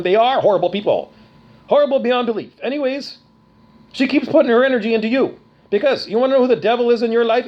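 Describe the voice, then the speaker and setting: Middle-aged man, accusatory ranting vlogger, high and animated, muffled home recording. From Canada. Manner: profane, accusatory, repetitive. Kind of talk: angry rant to camera.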